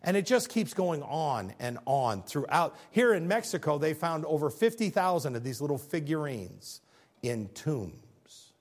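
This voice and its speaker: Male speaker, emphatic faith talk with slides, very animated pitch, rhetorical questions. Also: unhurried.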